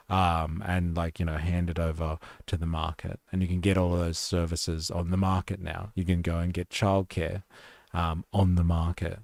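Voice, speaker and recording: Deep voiced streamer guy rambling thru commentary, lots of likes and ums, very dry. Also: little pitch movement, moderate pace, creaky, dry recording. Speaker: live stream host. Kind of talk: casual commentary reacting to clips.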